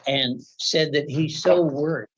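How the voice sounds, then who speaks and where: A man testifying at a court hearing, telling his side with lively acted-out quotes of shouting. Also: fairly high pitch, measured pace, breathy edge, rough recording. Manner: animated, acts out quoted shouting.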